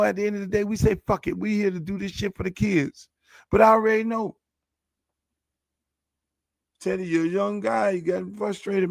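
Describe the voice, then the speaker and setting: Guy with a high voice going off, cussing and repeating himself, dry close sound. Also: vocal fry, dry recording. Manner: heated, profane, repetitive venting. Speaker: show host and football coach. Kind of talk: casual ranting monologue.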